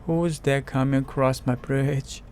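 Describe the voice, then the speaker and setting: A man's voice: mid-range voice, steady tone, unhurried, a little hiss or hum, pitched above the performer's own voice, close to an everyday voice. A man voicing a little timid, kind ogre. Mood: cheerful. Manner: cheerful, then pleading softly. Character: small cute kind male ogre, timid.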